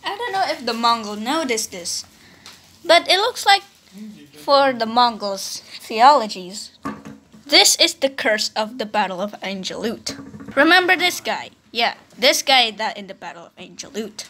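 A woman with an Indonesian accent narrating a playful history cartoon, now and then bursting into shouted character bits. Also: fairly high pitch, expressive, unhurried, slight background noise.

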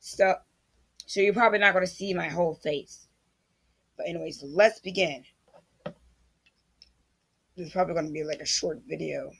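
A man's voice: on the high side, normal speed, creaky, pauses often, husky. A man casually vlogging an unboxing, rambling and restarting his sentences as he talks to himself, his voice cracking now and then. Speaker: YouTuber.

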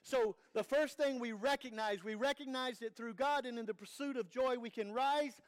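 A man's voice: extremely high pitch, moderate pace. A man preaching an earnest, conversational sermon as pastor, with rhetorical questions to the congregation.

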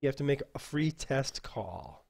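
He leads an informal screen-share lesson for dungeon masters from his desk mic, meandering and pausing as he navigates the software. The voice is medium-pitched and creaky, with lively intonation.

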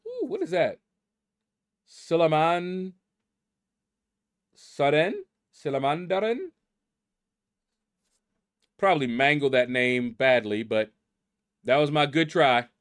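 A middle-aged man talks through a game leaderboard in a relaxed, unhurried way, pausing to puzzle over odd player names. His voice rises and falls a lot as he reacts. He stays easygoing and chatty throughout. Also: a little high, smooth. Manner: laid-back, muses aloud, stumbles over names. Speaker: gaming channel host. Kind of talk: casual commentary reading leaderboard names.

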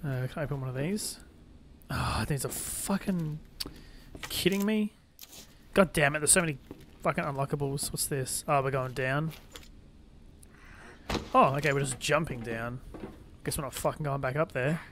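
A man's voice: mid-range voice, moderate pace, long pauses, noisy background. A young man swearing his way through a horror game playthrough, commenting as he plays and yelping when startled. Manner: heavy swearing, jumpy loud outbursts when startled. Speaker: let's play gamer.

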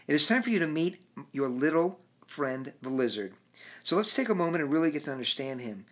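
A man narrating his own book in a measured reading voice with occasional restarts. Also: on the high side, sing-song, fairly bright tone. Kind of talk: audiobook narration.

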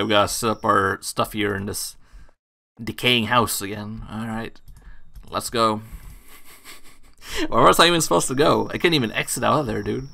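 A man's voice: fairly low pitch, creaky, pushed and bright. A young man giving casual, slangy, jumpy commentary while playing a horror game. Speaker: gaming streamer.

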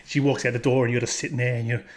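A man hosting casual commentary, talking in a blunt, crude way and laughing at his own jokes. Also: medium pitch. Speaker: host. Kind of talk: casual commentary reacting to posts.

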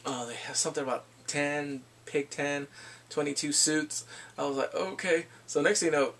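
A man's voice: fairly high pitch, steady tone, normal speed, fairly bright tone. A man recapping an anime episode in a casual review, acting out scenes with laughs and exclamations.

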